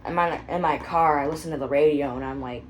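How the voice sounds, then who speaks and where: A woman casually recapping a wrestling episode, rambling and excitable, with quiet muttered asides. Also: low voice, fast talker, a little hiss or hum, low-quality recording.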